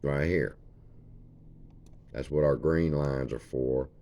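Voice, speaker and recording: A man's voice: rumbling low, steady tone, slow, mellow, slight background noise. A man, casually walking viewers through a chart for his stock channel. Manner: folksy, points at chart features as he talks. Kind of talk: casual screen-share chart walkthrough.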